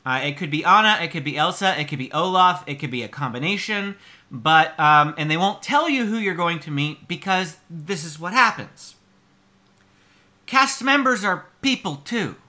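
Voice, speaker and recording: A man's voice: on the high side, expressive, moderate pace, pushed and bright. A man hosting a theme park channel, reacting to reviews in casual, chatty commentary. He explains at length, with an exasperated edge and plenty of fillers.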